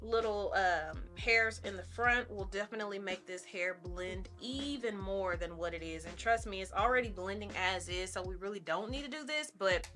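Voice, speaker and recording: A woman's voice: medium pitch, moderate pace, hardly any pauses, sharp tone, faint music behind. A young adult woman vlogger chatting casually and upbeat while she styles a wig, calling her viewers y'all. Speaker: beauty vlogger. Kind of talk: casual get-ready-with-me chat.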